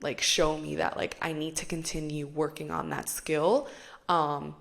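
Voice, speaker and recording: A woman's voice: sits low, level tone, unhurried, gravelly. A young woman hosting a podcast, talking casually and chattily, with lots of "like" fillers and the odd swear. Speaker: podcast host.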